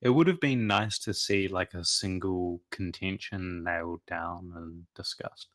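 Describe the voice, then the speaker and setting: Very deep-voiced man, dry close sound. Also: a little slow, dry recording. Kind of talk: casual group voice chat.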